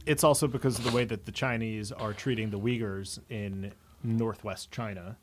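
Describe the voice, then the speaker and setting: A man as a podcast guest in casual chat, calmly and earnestly correcting the host. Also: on the low side, moderate pace, a little hiss or hum.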